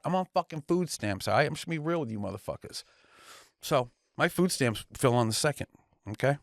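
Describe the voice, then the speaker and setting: A young man vents in an animated, profanity-laced rant for a casual podcast. His voice sits a little high for a man, and the mic is close and dry. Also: no room sound. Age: young adult. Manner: profane, heated storytelling. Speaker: podcast co-host. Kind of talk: casual ranting chat.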